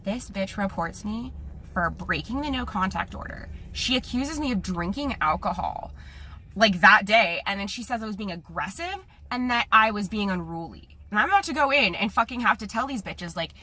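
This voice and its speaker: A young woman in her twenties rants to her viewers, swearing freely as she fights back tears. Her voice is bright and a little husky, angry and choked at once. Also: mid-range voice, expressive, moderate pace. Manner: tearful, angry and profane. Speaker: vlogger. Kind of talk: emotional vlog rant.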